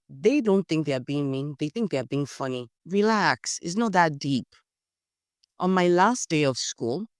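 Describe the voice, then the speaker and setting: A young woman with a Nigerian accent, a podcast guest telling lively personal stories in casual conversation and acting out the voices in them. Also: deep voice, dry recording, studio quality. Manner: animated storyteller, acts out quotes, Nigerian slang. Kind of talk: storytelling in casual interview.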